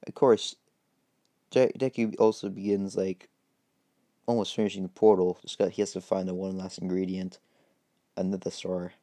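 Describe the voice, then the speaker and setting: A man's voice: sits low, level tone, normal speed, long pauses, warm tone, no room sound. A man improvising a game story as narration, rambling and hesitant with many fillers.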